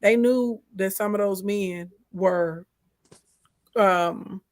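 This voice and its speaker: A woman with a Southern US accent co-hosting a casual chat, animated and emphatic as she talks listeners through her views. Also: mid-range voice, very slow, dry recording, studio quality. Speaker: co-host.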